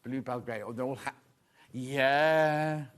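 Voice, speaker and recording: A man's voice: medium pitch, slow, a bit bright, smooth. A man presenting a live shopping show, with cheerful, chatty sales patter and asides to the crew behind the camera. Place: TV studio.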